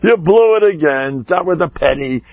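A man voicing a gleeful male Satan who taunts and laughs, pitched up and shouting, on a dull lo-fi recording. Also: animated, moderate pace, gravelly, dry recording. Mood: gleeful taunting.

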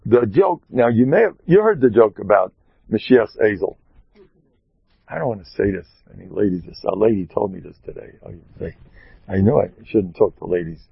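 A man, a rabbi, telling a story in an animated way and mixing in Hebrew and Yiddish terms. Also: on the low side, moderate pace, vocal fry, slightly rough, narrow, tinny audio. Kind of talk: storytelling talk.

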